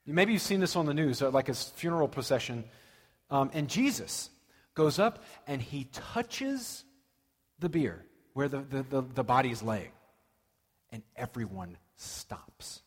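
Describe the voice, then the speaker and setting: A man preaching a sermon, telling stories with dramatic pauses and lively emphasis. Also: mid-range voice, slightly rough. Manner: animated storytelling with dramatic pauses. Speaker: pastor. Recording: long reverb of a large hall.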